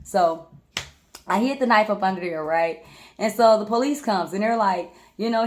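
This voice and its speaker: Lively woman chatting a story to her viewers, kinda high voice, keeps saying right and guys. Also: moderate pace. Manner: animated, repeats "right?" and "guys", laughs often. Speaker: life coach, channel host. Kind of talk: casual storytelling to camera.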